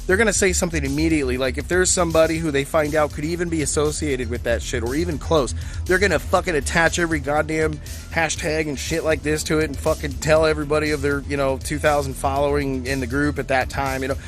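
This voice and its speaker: A man in loose, profane chat, rambling from story to story with frequent laughs. His voice sits a bit high. Faint music plays in the background. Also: fairly even intonation, quick pace. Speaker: podcast co-host. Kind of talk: casual chat.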